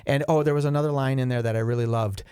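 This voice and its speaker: A man's voice: medium pitch, very fast, clean tone, dry recording, clean studio sound. A man co-hosting a podcast, telling jokes and stories in casual banter. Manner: joking, animated storyteller. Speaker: podcast co-host.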